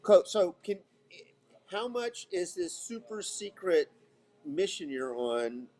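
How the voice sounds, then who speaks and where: A chatty man from Florida co-hosting a casual podcast. His pitch sits a bit high and moves a lot as he spins stories with easy enthusiasm. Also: slow pace. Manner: animated storyteller, chatty. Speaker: podcast co-host. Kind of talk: casual chat.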